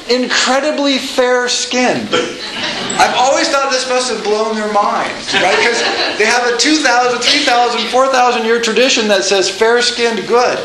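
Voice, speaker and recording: A man lecturing a college class live, lively and joking, with asides and frequent restarts. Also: extremely high pitch. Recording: echoey lecture room.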